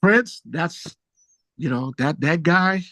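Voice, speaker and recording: A man tells stories as a guest in a casual interview. His voice sits a little higher than usual and rises sharply when he gets excited. The talk is relaxed and full of slang, and the sound is dry and close. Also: slow, dry recording. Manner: animated storyteller, jumps high when excited. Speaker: musician guest.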